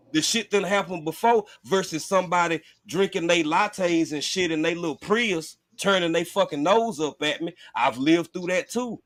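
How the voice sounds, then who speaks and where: A man hosts a casual chat in a slightly high voice. He talks bluntly and profanely. The sound is dry and close, with no room in it. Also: a bit bright, no echo. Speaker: host.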